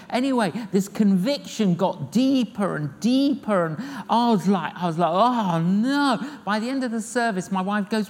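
A man's voice: high-pitched, moderate pace. An older man delivers a sermon, spinning humorous stories and repeating his phrases for effect. His voice rings out with a long hall reverb. A faint hiss of noise sits under the recording. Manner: lively storyteller acting out dialogue, repeats phrases. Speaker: evangelist preacher.

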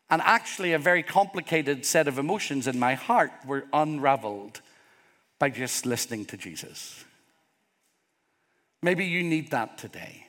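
A man's voice: a little high, expressive, moderate pace, fairly bright tone. A middle-aged man preaching a sermon as pastor, earnest and openly vulnerable, rising to emphatic peaks. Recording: long hall reverb.

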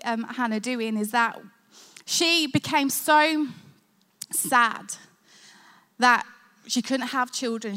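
A woman's voice: fairly high pitch, bright, forceful tone, in a large hall. A woman pastor preaching and praying in an earnest, conversational way. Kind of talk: sermon. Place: church hall.

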